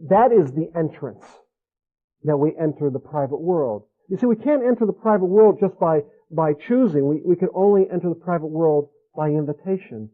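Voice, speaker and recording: A man giving an earnest radio sermon to fathers, pressing his points and repeating key phrases. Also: fairly high pitch. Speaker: speaker teaching fathers. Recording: tinny phone-like radio audio.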